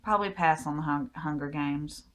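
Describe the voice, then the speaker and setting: Laid-back Southern American woman, low voice. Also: normal speed, a bit bright. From United States. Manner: easygoing, rambling answers with frequent ums. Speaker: vlogger. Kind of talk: casual Q&A vlog.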